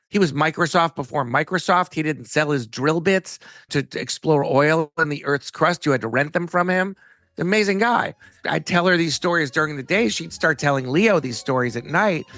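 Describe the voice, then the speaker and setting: Bright-voiced man telling a story. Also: fairly high pitch. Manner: animated, acts out quoted dialogue. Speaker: guest storyteller. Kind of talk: casual storytelling.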